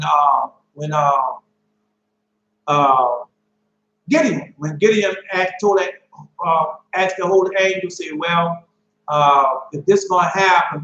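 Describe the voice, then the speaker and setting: Male preacher, high voice, excitable and slangy, dull echoey lo-fi recording. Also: a little hiss or hum. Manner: excitable, preachy, slangy, keeps saying "man" and "boy". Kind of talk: informal sermon and Bible teaching. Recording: echoey room, dull lo-fi sound.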